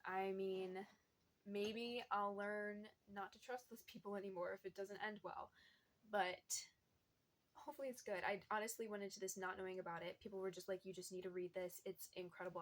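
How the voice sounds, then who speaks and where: A woman's voice: mid-range voice, fairly bright tone. A young woman chatting casually about what she's reading, rambling along with lots of fillers and small laughs. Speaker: book vlogger. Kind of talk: casual book chat.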